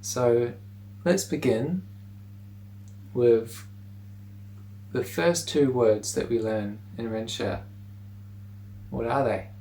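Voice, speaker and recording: A man teaching pronunciation in a relaxed video lesson, repeating words slowly for the listener to say along. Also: mid-range voice, rough recording.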